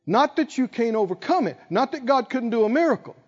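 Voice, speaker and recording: A man preaching a sermon, acting out the people in the story and swinging from quiet talk to shouting. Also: very high voice, expressive, fairly quick. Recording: dull lo-fi sound with long hall reverb.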